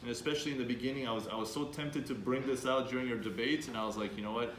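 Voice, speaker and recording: A man's voice: mid-range voice, fairly even intonation, racing, fairly bright tone. A man leading an interactive workshop for students, upbeat and coaxing the audience with questions. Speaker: workshop speaker. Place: room with students. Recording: echoey room, faint background noise.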